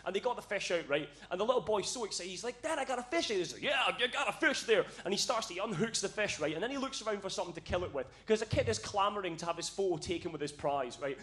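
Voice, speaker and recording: A man's voice: high-pitched, expressive, rapid-fire, few pauses, a bit bright. A young man from Scotland doing a stand-up comedy set on a club stage, telling a story with lots of swearing and acted-out voices.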